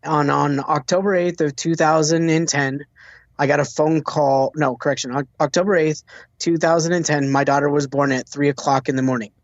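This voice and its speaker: A man's voice: a little high, fairly even intonation, normal speed, no room sound, highs cut off. A man from the United States, a veteran, telling his recovery story in an earnest way, often restarting and repeating words. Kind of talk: personal storytelling.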